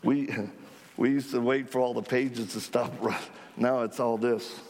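A man's voice: mid-range voice, measured pace. Folksy man telling stories in a reverberant hall. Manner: animated, folksy, jokes about himself. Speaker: ministry leader speaking to supporters. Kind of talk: storytelling talk to a live audience.

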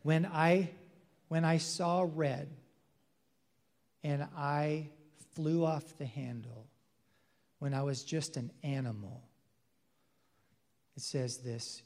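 A male pastor preaching a sermon with emphasis, swinging between loud declarations and hushed, intimate passages. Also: fairly high pitch, steady tone, takes it slowly, long pauses. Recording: long hall reverb.

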